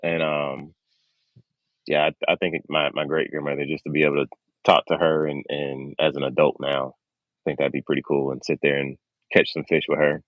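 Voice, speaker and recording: A man with a very low voice joins a casual interview as a guest over a remote call. The sound is dull and dry. He talks in a laid-back, hesitant way and often repeats himself. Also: flat delivery, moderate pace, dry recording.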